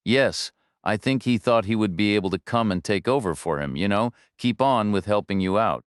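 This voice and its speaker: A man's voice: on the low side, moderate pace, smooth, no echo, clean studio sound, lightly acted. A man voicing a persistent young woman lawyer who presses with polite questions. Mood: earnest.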